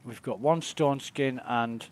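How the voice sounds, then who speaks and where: A man's voice: medium pitch, slow pace, a little mellow. A man streaming a video game, rambling casually about what he sees and swearing now and then. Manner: laid-back, rambling, swears freely. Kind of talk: casual gaming commentary.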